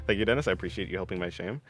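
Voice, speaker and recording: A man's voice: low voice, fast talker, soft background music. A young man chatting on his art stream, answering viewers in a rambling, self-correcting way and laughing often.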